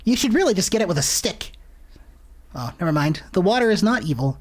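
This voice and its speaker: Profane, animated woman streamer. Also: lowish voice, fairly quick, noisy background. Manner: profane, exasperated rants with sudden shouts. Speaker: streamer playing a horror game. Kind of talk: casual gameplay commentary.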